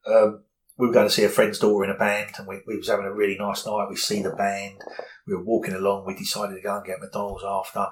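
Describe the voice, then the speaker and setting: A man's voice: lowish voice, completely flat delivery, quick pace, a little hiss or hum, rough recording. A middle-aged man, candidly telling a personal story in an interview, rambling with many fillers.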